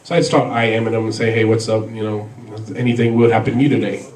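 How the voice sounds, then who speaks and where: Man, stand-up comic, rambling anecdotes, dark mellow tone, echoey room. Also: on the low side, steady tone, quick pace, recorded from a distance. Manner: rambling, filler-heavy storytelling with frequent laughs. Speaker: stand-up comedian. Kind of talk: stand-up comedy set.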